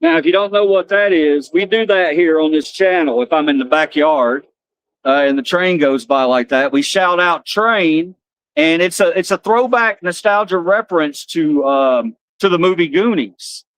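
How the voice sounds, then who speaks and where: A man's voice: a little high, normal speed, a bit bright, no echo. Rambling man chatting on a live stream. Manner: rambling, repeats and restarts phrases. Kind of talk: casual live-stream chat.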